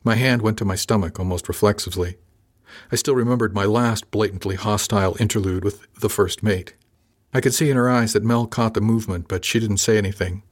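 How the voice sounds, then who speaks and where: Man, low voice, first-person audiobook narration, dry understated delivery. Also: brisk.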